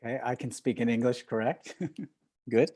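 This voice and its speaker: A man's voice: mid-range voice, moderate pace, warm tone. Hesitant older man speaking over a video call. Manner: hesitant, many fillers and restarts, chuckles often. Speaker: film director, guest speaker. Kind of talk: relaxed talk on a video call.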